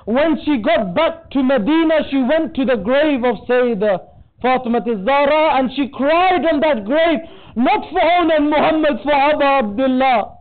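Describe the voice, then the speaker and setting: A man delivers a mourning sermon in a very high, strained register, his narration swelling into a wailing, tearful chant. The recording is thin and tinny, as if heard over a phone line, with the low end cut away. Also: lively intonation, unhurried. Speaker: majlis speaker. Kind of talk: mourning sermon with lamenting recitation. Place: community centre hall.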